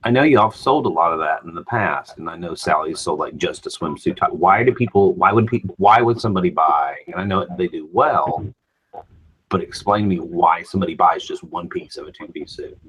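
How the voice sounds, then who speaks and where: A man's voice: sits low, a little fast, a bit bright, breathy edge, poor audio. A man hosting a casual morning chat show, asking rambling questions full of restarts.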